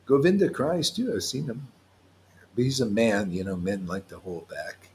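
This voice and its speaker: A man's voice: fairly low pitch, normal speed, a little mellow, slight background noise. A man leading an informal devotional talk, reading scripture aloud, explaining it playfully and laughing often. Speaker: spiritual teacher.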